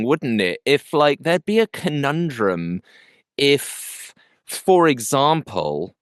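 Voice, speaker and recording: Animated, lively-voiced male podcast host. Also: medium pitch, clear, resonant tone, dry recording, studio quality. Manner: animated, chatty, affirming. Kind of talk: casual interview chat.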